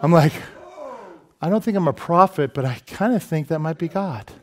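A male pastor preaching a sermon, telling stories with lively asides and self-deprecating humor. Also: fairly high pitch, normal speed. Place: church sanctuary.

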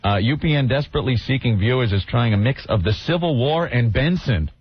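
A man's voice: medium pitch, lively intonation, fairly quick, slightly rough, no room sound. A young adult man co-hosting a radio show, bantering in a sarcastic, mock-enthusiastic way and laughing often. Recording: slightly dull lo-fi radio recording with faint hiss.

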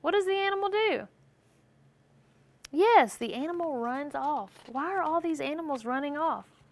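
Lively woman reading a storybook to kids. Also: high voice, normal speed. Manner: animated, asks questions and answers for listeners. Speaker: teacher reading a picture book aloud. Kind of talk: storybook read-aloud lesson with questions to children.

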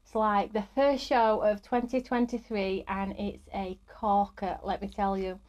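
A woman's voice: mid-range voice, little pitch movement, unhurried, a little mellow. A woman, middle-aged, hosting a live craft stream in an upbeat, chatty way and greeting viewers by name.

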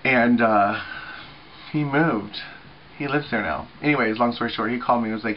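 A man in his thirties talks to his webcam in a loose, chatty way, swearing freely and filling gaps with ums and asides. His voice sits in a middle pitch, and the recording sounds a little muffled, with faint hiss underneath. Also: fairly even intonation, brisk. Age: 30s. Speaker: vlogger on a group channel. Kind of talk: casual weekly video chat.

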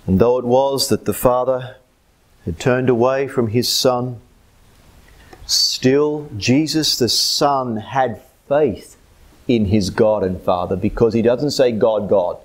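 A man with an Australian accent preaching a sermon as pastor, swinging between loud emphatic lines and low hushed ones. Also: slow pace.

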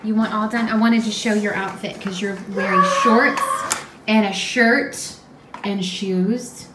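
A woman's voice: medium pitch, unhurried. A woman, a mother, chatting and telling stories with lots of giggles in a casual home vlog. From Texas. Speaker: family vlogger, mother. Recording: home video with steady background noise.

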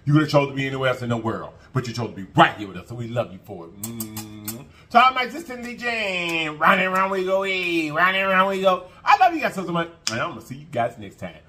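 Lively, bright-voiced man preaching to viewers. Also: fairly high pitch, fast, few pauses. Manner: emphatic and repetitive, preachy, drawling fillers. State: full after a meal. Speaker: mukbang vlogger. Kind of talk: casual heart-to-heart talk to viewers.

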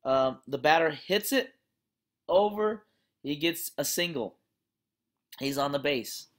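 Give me a course instructor closing out the week with a relaxed spoken story. The delivery is conversational and full of fillers, then turns earnest and encouraging. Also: mid-range voice, takes it slowly.

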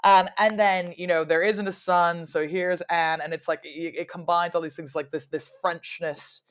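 Her pitch fairly low, a woman historian living in London chats as a guest in a casual interview. She's animated and digressive, breaking into quick laughs and playful mock quotes.

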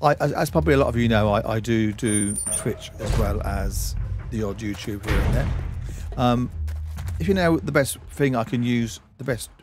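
A man's voice: mid-range voice, moderate pace, noisy background. Chatty man doing let's-play commentary. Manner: chatty, talks to himself and to objects in the game. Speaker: game streamer.

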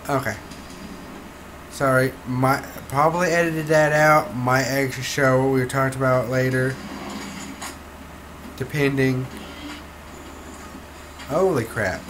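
A man's voice: mid-range voice, fairly even intonation, slow pace, pauses often. A man casually commenting while playing a video game, chatting through each move. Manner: chatty, talks through gameplay. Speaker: gamer host. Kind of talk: casual let's-play commentary. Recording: noticeable background noise.

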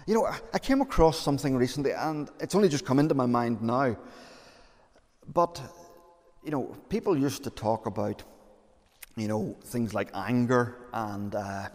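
A man's voice: medium pitch, animated, normal speed, darkish tone. Earnest male preacher in reverberant church. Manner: earnest, conversational preaching with fillers. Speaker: pastor. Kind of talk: sermon.

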